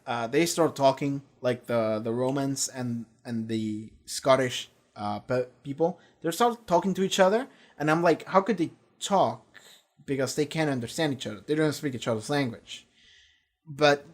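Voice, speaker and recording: A young man giving a casual, rambling spoken review, swearing freely and acting out quotes. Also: mid-range voice. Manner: rambling and profane, acts out quotes. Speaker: reaction video host.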